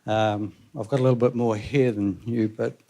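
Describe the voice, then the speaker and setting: Guy kicking off his talk, kinda hesitant, pretty flat monotone. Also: on the low side, moderate pace, creaky. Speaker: guest speaker. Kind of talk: opening a personal talk.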